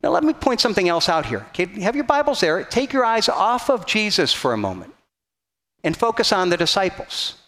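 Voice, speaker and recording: Male pastor, higher voice, casual teaching sermon with many restarts. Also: sing-song, a little fast, fairly bright tone. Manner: conversational teaching, frequent restarts, quoting scripture.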